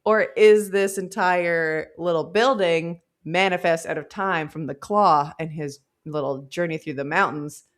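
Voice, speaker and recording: A woman talks through a novel with her co-host, playful and animated, with comic asides. Her voice sits a little low for a woman. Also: unhurried, hardly any pauses. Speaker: book club podcast co-host. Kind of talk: casual chat.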